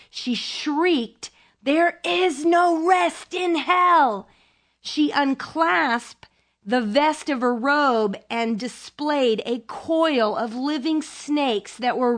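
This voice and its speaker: Woman, radio Bible teacher, sermon, dramatic storytelling, unhurried, slightly high. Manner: slow, measured, dramatic storytelling.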